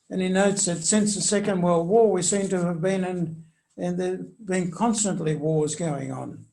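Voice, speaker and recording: An older man speaks in a gravelly voice that sits a little high for a man. He answers questions in a measured, hesitant way, often pausing on fillers. He leans on the quoted passages when reading them aloud. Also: a little mellow. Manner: reads quotations aloud with emphasis. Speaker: commentator on church social teaching.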